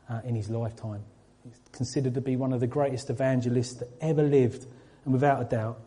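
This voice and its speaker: A man's voice: medium pitch, warm tone. A man giving an informal sermon to a congregation, chatty and full of fillers and restarts. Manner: conversational, with fillers and restarts, addressing the room. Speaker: church speaker.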